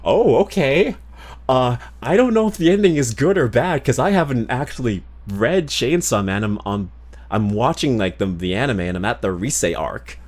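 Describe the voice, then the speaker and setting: A male streamer talks off the cuff to his viewers, rambling from thought to thought and swearing freely. His voice sits in an ordinary middle pitch. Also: animated, normal speed. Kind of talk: casual livestream chat.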